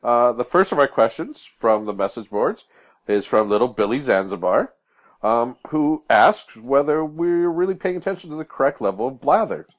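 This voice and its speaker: Playful, animated man joking around. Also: medium pitch, normal speed. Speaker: podcast co-host, game developer. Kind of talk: casual banter.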